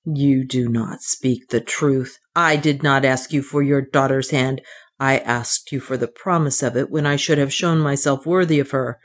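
An earnest young man, proud and wronged, as an audiobook reader plays him. He keeps a tight rein on his words, in a middle-pitched voice. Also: fairly even intonation, normal speed, natural voice. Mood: defiant. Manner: earnest, restrained. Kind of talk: audiobook reading.

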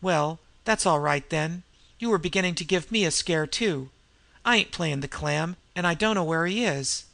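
A man's voice: on the high side, normal speed, gravelly, a bit bright, dry recording. A man voicing a crafty, disreputable old male fence who grunts and snarls threats. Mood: confiding.

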